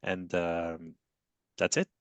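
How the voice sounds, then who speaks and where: A man's voice: deep voice, little pitch movement, slow pace, clean tone, no echo. A man from France with a strong French accent, introducing himself on a webinar panel hesitantly, with many fillers and self-deprecating remarks. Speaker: panelist, agency CEO.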